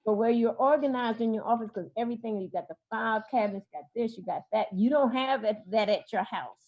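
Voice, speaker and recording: A woman therapist speaking as a guest in an interview, talking with frequent fillers, pauses and restarts. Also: on the high side, lo-fi sound. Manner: hesitant, many fillers and restarts. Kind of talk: interview talk.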